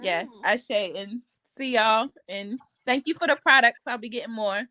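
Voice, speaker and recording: A woman caller speaking plainly and softly on a live call. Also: a little high, measured pace, heavy background noise. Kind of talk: casual chat on a live call.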